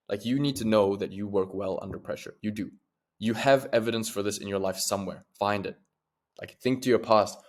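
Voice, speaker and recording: Low-voiced man giving a casual pep talk. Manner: animated storytelling, swears freely, acts out his own inner voice. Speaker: self-improvement video host.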